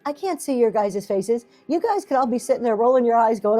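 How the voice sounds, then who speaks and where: Middle-aged woman host, mellow slightly high voice, rambling encouraging livestream chat, faint music behind. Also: lively intonation, fairly quick. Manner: rambling, self-deprecating, encouraging, many fillers. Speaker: livestream seller and talk show host. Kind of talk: casual livestream chat to viewers. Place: home basement. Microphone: camera in front of her.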